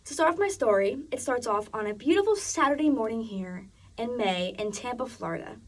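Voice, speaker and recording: A woman's voice: a little high, animated, brisk, recorded from a distance. A young woman giving a personal narrative speech, chatty and full of restarts. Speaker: student speaker.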